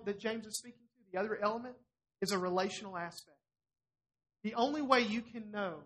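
A middle-aged man preaching a sermon to a congregation in a church, animated and challenging as he voices scripture. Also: high voice. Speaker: pastor.

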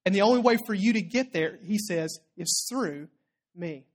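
A preacher giving a sermon in a conversational storytelling way, often checking in with the listeners and dropping low and quiet for quoted lines. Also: expressive, moderate pace.

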